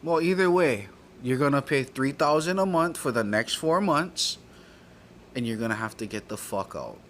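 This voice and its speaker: A man's voice: medium pitch, expressive, moderate pace, a bit bright, slight background noise, voice pushed up, natural voice. A man quoting a curt, contemptuous judge. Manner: dismissive, curt. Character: curt, contemptuous middle-aged male judge.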